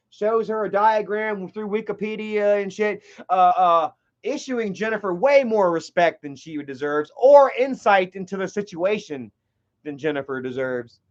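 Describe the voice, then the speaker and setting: Man, high voice, heated profane ranting, rambling stream commentary, muffled lo-fi audio. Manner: heated, swears a lot, repeats himself. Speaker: livestreamer.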